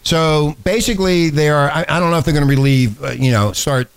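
A man's voice: a little high, a little fast, clean tone. A man co-hosting a talk show with a sore throat, reading news items in casual banter and often stumbling over and repeating words. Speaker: radio talk show co-host.

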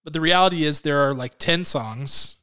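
A man's voice: fairly high pitch, moderate pace, sharp tone, smooth. A man in his thirties co-hosting a podcast in casual chat, chatty and self-deprecating, laughing often. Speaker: podcast co-host.

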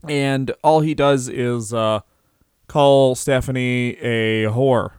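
A man's voice: mid-range voice, fairly even intonation, slow, darkish tone, smooth, no room sound, studio quality. A man co-hosting a casual comedy podcast, joking and slipping into silly put-on voices for quotes. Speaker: podcast co-host.

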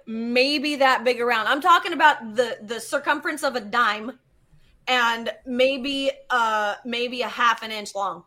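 Woman, high pitched, bright, casual storytelling, animated, swears. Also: moderate pace. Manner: animated, swearing, acts out quotes. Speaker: guest geologist.

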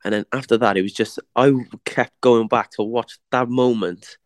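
A man's voice: mid-range voice, steady tone, normal speed, no room sound, studio quality. A young man, a boxer, chatting casually in an interview, slangy and repeating words as he tells his story.

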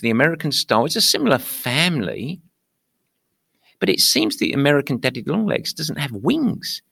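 British man, podcast host, gravelly voice, dry close sound, playful, mock-outraged. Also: mid-range voice, big pitch swings, normal speed, sharp tone, no echo. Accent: British English. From England. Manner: playful, theatrical, mock-indignant. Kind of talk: upbeat podcast monologue.

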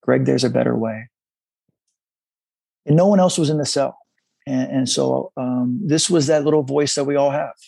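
This is a middle-aged man with a deeply gravelly, husky voice. He speaks in a dry, close sound. He tells his story in a halting, confessional way and briefly takes on the voices of the people in it. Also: fairly even intonation, dark tone, no room sound. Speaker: guest. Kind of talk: candid personal storytelling in a conversation.

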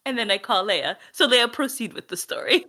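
A woman's voice: a little high, animated, a little fast, pushed and bright. A young woman co-hosting a podcast in casual chat, playful and teasing, laughing often. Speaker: podcast co-host.

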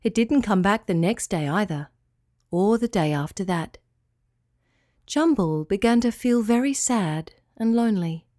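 Woman, storyteller, children's story reading, calm, expressive, mid-pitched, dry close recording. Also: unhurried, dry recording.

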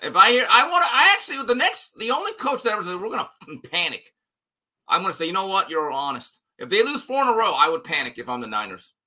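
A man holds forth on a sports talk show with a blunt, sarcastic edge, and his voice is piercingly bright and tense. His pitch swings all over the place as he hammers each point home, sitting a little above most men. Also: sing-song, fast, hardly any pauses. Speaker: guest sports analyst.

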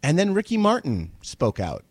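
A man's voice: fairly high pitch, wildly swooping pitch, moderate pace, dry recording. A man in his forties from New Jersey, co-hosting a podcast in casual chat, chatty and irreverent, swearing freely. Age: 40s. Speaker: podcast co-host.

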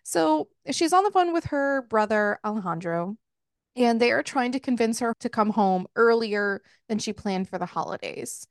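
Chatty woman podcaster, highish voice, dry mic, casual plot recap with cursing. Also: expressive, moderate pace, smooth, dry recording. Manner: chatty, swears freely, recaps plots with laughs. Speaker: podcast co-host. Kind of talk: casual book review chat.

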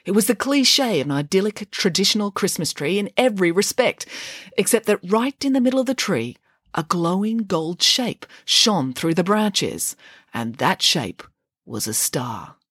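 A woman narrating an audiobook in an expressive storytelling manner. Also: medium pitch, moderate pace, husky, dry recording, studio quality.

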